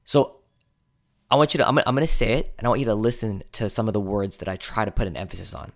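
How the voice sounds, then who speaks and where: A man's voice: on the low side, expressive, quick pace, vocal fry. A man hosting a coaching podcast, giving an instructional talk that shifts pace and stresses key words, sometimes counting items aloud to himself.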